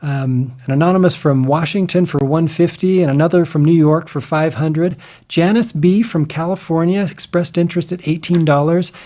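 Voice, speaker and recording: A man hosting a livestream in a casual, halting way, with many fillers and restarts. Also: a little high, fairly even intonation, mellow. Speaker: livestream host.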